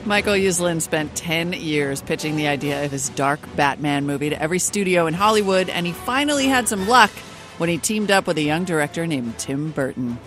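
Brisk host reading scripted narration. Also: mid-range voice, animated, over music. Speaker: radio show host.

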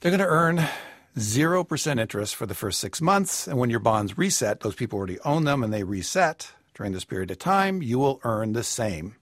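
Husky-voiced man explaining finances. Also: mid-range voice, very animated, fairly bright tone, dry recording, clean studio sound. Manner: explanatory, measured. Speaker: personal finance expert. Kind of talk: radio call-in advice. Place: radio studio.

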